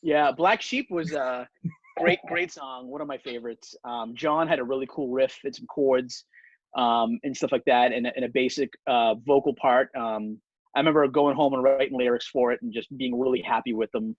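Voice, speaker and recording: A man's voice: medium pitch, fairly even intonation, moderate pace, no room sound. A man hosting a band podcast, chatting casually and rambling with many ums about the band's songs. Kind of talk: casual chat. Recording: dull dry lo-fi sound.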